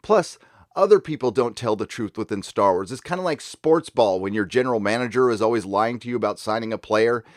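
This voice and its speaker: A man's voice: fairly low pitch, fairly quick, no echo, clean studio sound. A man hosting opinionated fan commentary, talking in a sarcastic, emphatic way. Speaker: YouTube commentary host.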